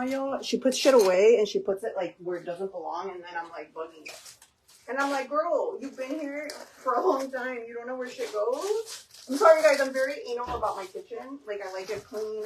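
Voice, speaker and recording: A woman's voice: medium pitch, slight background noise, low-quality recording. A woman hosting a casual live cooking stream from her home kitchen, chatting with viewers and dropping in Spanish words. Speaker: cooking livestream host.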